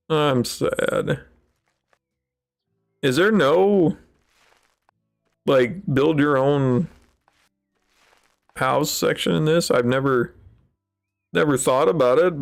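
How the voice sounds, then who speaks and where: A man with a gravelly, fry-tinged voice talks slowly through a casual game session. He rambles wryly and plays up his disappointment in mock-dramatic fashion. Soft game music plays faintly behind him. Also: a little high. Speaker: gaming channel host. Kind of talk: casual let's-play commentary.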